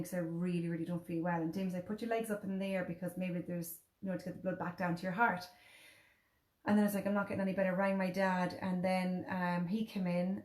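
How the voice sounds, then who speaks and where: In an echoey room, a woman in her thirties with an Irish accent hosts a casual chat, telling a personal story and acting out what other people said. Her voice is on the low side with a darkish tone.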